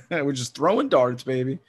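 A man's voice: medium pitch, very animated, a little slow, a little mellow, husky. A man from New Orleans co-hosting a casual sports podcast, laughing often and swearing freely. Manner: laughing, loose and profane. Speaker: podcast co-host. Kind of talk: casual chat.

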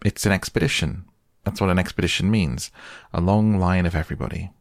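A man voicing a confident young boy who speaks quickly and carelessly, in a bedtime storybook reading. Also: deep voice, vocal fry, no echo, studio quality.

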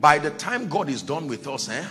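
A man preaching a sermon as pastor, dramatic, dropping to a hush and rising to shouts, acting out the people in his stories. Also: a little high, very animated, normal speed, soft background music. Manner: acts out Bible characters in quoted dialogue.

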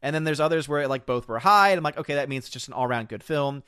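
A man's voice: on the high side, rapid-fire, fairly bright tone, clean tone, dry recording, clean studio sound. A man hosting a casual podcast, rambling about films, laughing often and acting out quotes. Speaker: podcast host reading chat. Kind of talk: casual chat.

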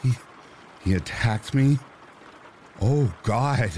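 A man's voice: mid-range voice, drawn-out words, a little mellow, slight background noise, pitched above the performer's own voice. A man voicing a stammering wounded husband. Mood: panicked. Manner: stammering, breathless. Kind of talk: horror story narration.

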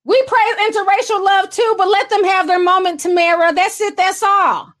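A woman with a high voice runs a casual livestream, reading out viewer messages and trading gossip. She talks in a sassy, chatty way and mocks people by acting out their quotes. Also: fairly even intonation, normal speed, a bit bright. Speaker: livestream host reading super chats. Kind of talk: casual celebrity gossip commentary.

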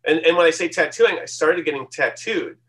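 A man in his fifties, a tattoo artist, telling lively anecdotes in an interview. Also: fairly high pitch, brisk, recorded from a distance, poor audio. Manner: lively anecdotal, acts out quoted voices. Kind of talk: storytelling interview.

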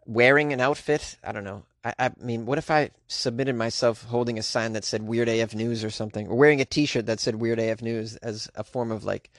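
A man's voice: mid-range voice, fairly even intonation, a little fast, hardly any pauses, no echo, clean studio sound. A man hosting a comedy news podcast, chatting casually with slangy asides and frequent laughs.

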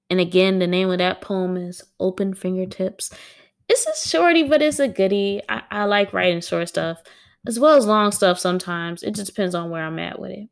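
Woman poet, home setting, gravelly voice, dramatic reader who chats between poems. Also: medium pitch, normal speed. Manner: dramatic, laughs at herself, talks straight to listeners. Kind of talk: reading her own poems and chatting. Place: at home with a dog on a wooden floor.

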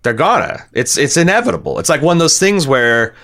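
A man's voice: fairly high pitch, sing-song, brisk, a bit bright. A man hosting a podcast, talking casually and bluntly, swearing freely as he reads listener comments and gives his opinions. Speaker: podcast host.

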